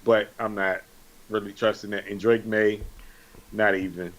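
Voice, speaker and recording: A man co-hosting a casual sports podcast, animated and teasing in slangy banter. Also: fairly low pitch, a little slow, rough recording. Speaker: podcast co-host.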